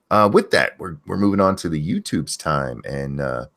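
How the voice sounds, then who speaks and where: A man's voice: very deep voice, very animated, moderate pace, a bit bright. A man hosting a livestream, ranting bluntly and swearing a lot. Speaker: channel host. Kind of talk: profane ranting commentary on a stream.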